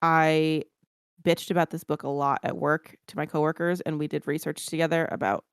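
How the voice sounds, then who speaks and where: Smooth-voiced low woman podcaster. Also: level tone, normal speed, no echo, clean studio sound. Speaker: podcast co-host. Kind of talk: casual chat, book review.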